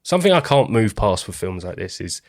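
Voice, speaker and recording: A man co-hosting a podcast, retelling film scenes with wry, deadpan humor in casual chat. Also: fairly low pitch, brisk, gravelly, dry recording, clean studio sound. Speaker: podcast co-host.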